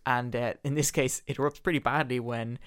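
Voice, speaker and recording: Fast-talking man retelling a play. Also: mid-range voice, smooth. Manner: animated storyteller, quick and expressive. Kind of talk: casual discussion retelling a play.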